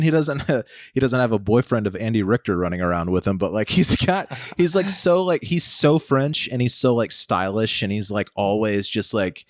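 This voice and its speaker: A man's voice: on the low side, lively intonation, normal speed, hardly any pauses, no echo, clean studio sound. An American man in his thirties co-hosting a podcast in casual chat, rambling with lots of "like" and "okay" and spinning comic what-if scenarios. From United States. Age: 30s. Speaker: podcast co-host.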